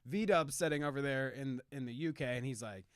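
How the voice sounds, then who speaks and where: A man with a Midwestern American accent rambles through a loose podcast chat, laughing often and cursing easily. His medium-pitched voice sits close on a mic in a dry, dead room. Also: fairly quick, clear, resonant tone, dry recording. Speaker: podcast co-host. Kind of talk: casual chat.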